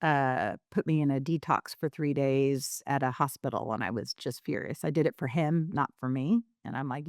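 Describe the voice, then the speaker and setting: A woman's voice: very deep voice, normal speed, hardly any pauses, a little mellow, dry recording, clean studio sound. A woman guest on a podcast telling her story candidly, rambling with many fillers and restarts.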